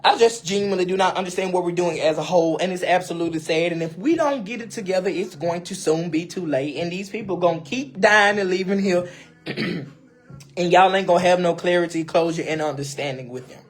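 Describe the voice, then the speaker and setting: A woman livestreamer with a lowish voice talks fairly quickly in a casual monologue, addressing viewers directly with emphatic, preachy advice, repeating phrases and calling them "baby".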